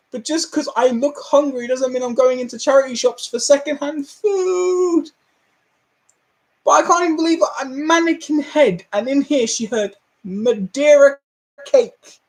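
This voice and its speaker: A man hosting a casual livestream, ranting in an animated way, laughing often and swearing freely. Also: very high-pitched, a little slow. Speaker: livestream host.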